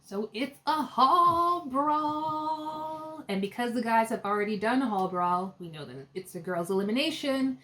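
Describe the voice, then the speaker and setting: A woman co-hosting a casual recap chat, animated and quoting cast members, with a lot of "like". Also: medium pitch, a little fast, hardly any pauses. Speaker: podcast co-host.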